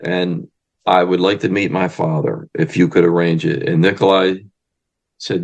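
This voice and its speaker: A man with a low, creaky voice and measured pace, who is a wrestling manager and historian, tells stories casually in an interview. He's an animated storyteller who loudly acts out the voices of the people he quotes.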